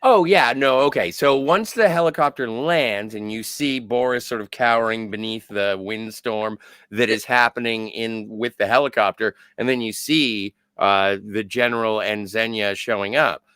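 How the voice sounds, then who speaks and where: A man's voice: on the low side, normal speed, fairly bright tone, clean tone, dry recording. A man co-hosting a podcast, chiming in with jokey asides during casual movie chat. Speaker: podcast co-host.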